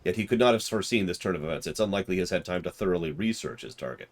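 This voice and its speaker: A man voicing a grandiose, theatrical gentleman inspector from a video game, speaking in florid, formal declarations. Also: deep voice, racing. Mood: commanding.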